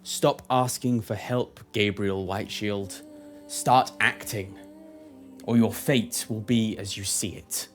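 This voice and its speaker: A man voicing a calm, blind celestial being in the form of a man, speaking gravely and slowly in a low, quiet voice. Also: faint music behind. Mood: solemn.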